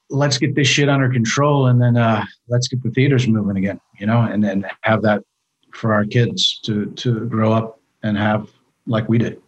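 A man in his forties from California, an actor talking as a guest in a relaxed, rambling, profane way, with lots of "you know". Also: fairly low pitch, muffled recording. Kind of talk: casual interview.

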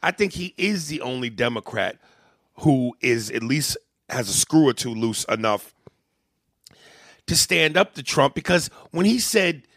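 A man's voice: medium pitch, unhurried, no room sound, studio quality. A man arguing politics in a heated, profane way, often retelling and acting out what others said. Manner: heated, profane, animated storytelling. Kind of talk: casual political debate.

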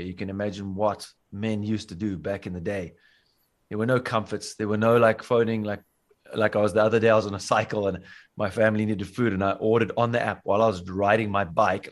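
A South African man with a fairly low voice chats as a podcast guest. He talks earnestly in long, rambling runs, with plenty of fillers and restarts. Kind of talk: casual podcast chat.

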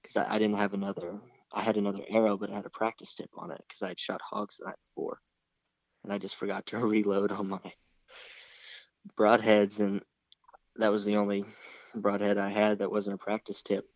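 A man's voice: lowish voice, monotone, a little fast, no echo, highs cut off. A young man casually retelling a hunting story, rambling and acting out the dialogue. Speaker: hunter telling a story.

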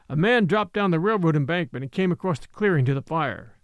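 A man narrating a literary short story in a measured, storytelling manner. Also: fairly high pitch, lively intonation, no echo.

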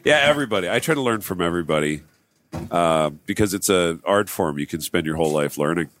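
A man talking as a guest in casual chat, halting with pauses and restarts. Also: low voice, lively intonation, a bit bright, slight background noise. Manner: halting, many fillers and restarts. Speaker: guest comedian.

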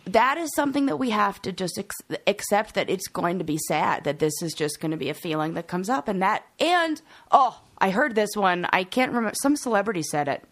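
A woman's voice: medium pitch, animated, brisk, few pauses. A woman co-hosting a podcast in casual conversation, emotional and tearful, talking in a rambling way. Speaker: podcast co-host.

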